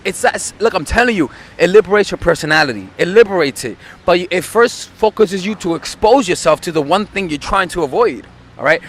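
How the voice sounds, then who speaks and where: A man's voice: high voice, expressive, fairly quick. A man speaking as a dating coach in an advice video, earnest and insistent, often repeating words as he gets going.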